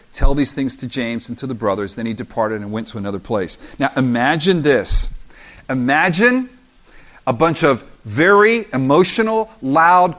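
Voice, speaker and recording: A man preaching a sermon as pastor, animated and acting out the voices of the story. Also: mid-range voice. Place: church in South Florida.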